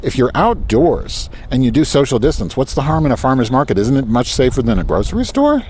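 A man's voice: mid-range voice, sing-song, a little fast, a little mellow, a little hiss or hum. A man hosting a podcast in casual banter, talking in a hyper, sarcastic, teasing way from a school parking lot outdoors. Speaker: podcast host.

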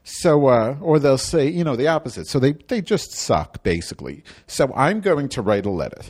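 A man's voice: medium pitch, darkish tone. A man performing a comedic monologue as a cranky, indignant woman from Chicago, rambling and theatrical.

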